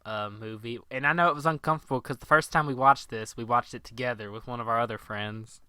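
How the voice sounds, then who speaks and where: Bright, smooth young man chatting. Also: medium pitch, steady tone, quick pace, no room sound. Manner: laughing, quoting movie lines in put-on voices. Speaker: podcast co-host. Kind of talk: casual chat.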